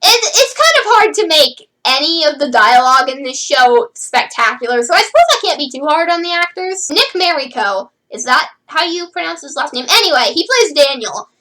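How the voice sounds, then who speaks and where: A woman's voice: sits high, big pitch swings, moderate pace, few pauses, sharp tone, poor audio. A woman hosting her own channel, giving a casual, sarcastic review full of "like" fillers. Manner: chatty, sarcastic, lots of "like" fillers. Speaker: host reviewing a TV series.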